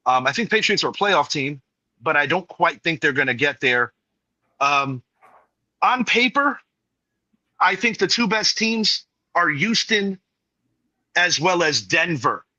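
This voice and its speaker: Bright-voiced man talking sports. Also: a little high, animated, unhurried, pauses often, dry recording, poor audio. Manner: laid-back, opinionated, laughs along. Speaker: podcast host. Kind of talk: casual sports chat.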